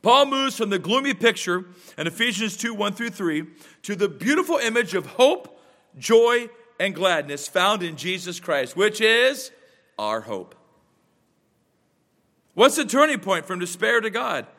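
A man preaching with a high voice that leaps all over its range. He drives his points home with rhetorical questions and quick asides. His voice rings out with a long hall reverb. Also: very animated, pushed and bright. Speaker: pastor. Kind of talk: sermon.

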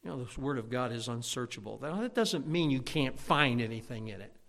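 A man preaching a sermon, swinging between loud fervent passages and quiet intimate asides. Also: medium pitch, expressive, a little fast, vocal fry. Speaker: pastor.

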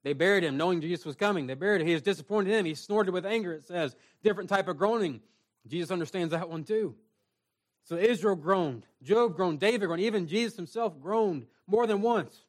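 A man with a notably high voice preaches an earnest sermon to a small church congregation. He moves between plain talk and reading scripture in old-fashioned wording. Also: fairly quick. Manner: earnest preaching, reads scripture aloud in King James wording. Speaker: pastor.

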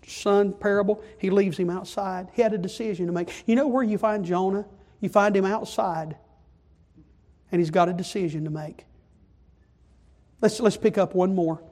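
A man preaching a sermon, moving from quiet pleading to loud, impassioned delivery. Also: high-pitched.

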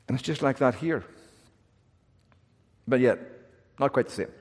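A male pastor preaching an earnest, animated sermon from the pulpit, with touches of self-deprecating humor. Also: medium pitch, measured pace, long pauses. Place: church sanctuary, pulpit. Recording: long church reverb.

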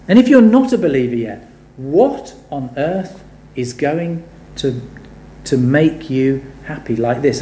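A man preaching a sermon, animated and building to emphatic rhetorical questions. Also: a little high. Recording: echoey room.

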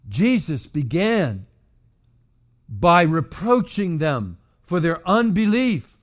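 A man preaching a sermon as pastor, moving from quiet, low passages to shouted, emphatic outbursts. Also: big pitch swings, takes it slowly.

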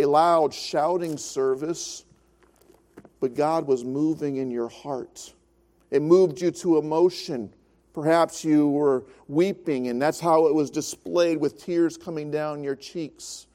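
High-voiced, mellow preaching man in his fifties. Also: steady tone, slow pace. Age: 50s. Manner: earnest preaching, swelling louder then dropping soft. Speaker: pastor. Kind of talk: sermon.

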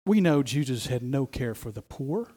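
A man's voice: medium pitch, lively intonation, moderate pace, mellow. A man preaching a sermon, emphatic, often repeating phrases and restarting as he stresses a point.

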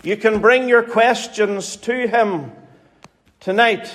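A man's voice: high voice, slow, a bit bright. A man with a Northern Irish accent preaching a sermon in an earnest, pleading way, repeating phrases for emphasis. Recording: hall reverb.

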